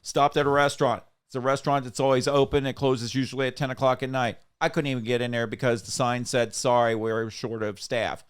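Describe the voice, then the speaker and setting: A man's voice: medium pitch, little pitch movement, fast talker, few pauses, clean tone. A man hosting a political podcast who rants emphatically and tells anecdotes in casual talk. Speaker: podcast host.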